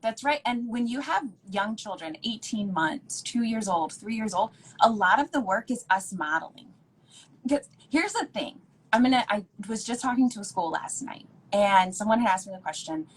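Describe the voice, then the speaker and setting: A woman's voice: medium pitch, animated, moderate pace, breathy edge, poor audio. A woman speaking as an educator guest, earnest and emphatic, repeating points for stress over a video call. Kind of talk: casual conversational interview.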